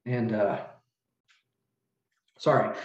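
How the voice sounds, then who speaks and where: A middle-aged man, a hotel manager, telling a personal story in an interview, earnest and halting, close to tears. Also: fairly low pitch, steady tone. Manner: earnest, halting, with many restarts and fillers. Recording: roomy, dull lo-fi sound.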